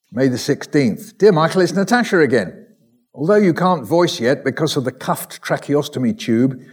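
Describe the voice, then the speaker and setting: Man reading letters aloud with wry asides. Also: medium pitch. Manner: measured reading with wry asides and soft laughs. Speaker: recovered patient reading his ICU diary.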